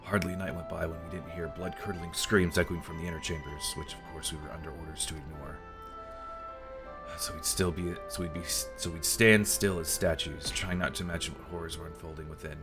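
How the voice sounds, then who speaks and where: Grim old guard read by a man, deep and gruff, in a fantasy game; faint music under it. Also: fairly even intonation, brisk. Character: retired old male palace guard, grim and weary.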